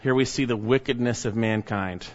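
A man preaching a sermon, pressing each phrase slowly and letting it sink to a hush at the end. His voice rings with a long hall echo, and the recording sounds dull and lo-fi. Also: medium pitch. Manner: slow, emphatic preaching that drops quiet at phrase ends.

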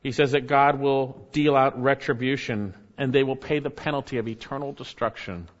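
A man's voice: fairly even intonation, moderate pace. Preaching man in a reverberant hall. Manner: earnest preaching, dropping low and soft for emphasis. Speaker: pastor. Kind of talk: sermon. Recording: dull sound with long hall reverb.

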